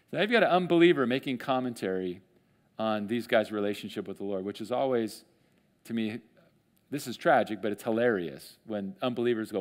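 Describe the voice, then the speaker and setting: A man's voice: medium pitch, animated, fairly quick. A man in church teaching from the Bible in a casual, conversational way, acting out quotes with changed voices. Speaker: pastor. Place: church sanctuary.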